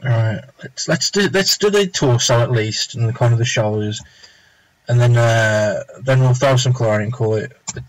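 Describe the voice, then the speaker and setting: A young man with a mid-range voice speaks at a normal speed, chatting and rambling casually as he draws live on stream, sometimes muttering to himself. The audio quality is poor.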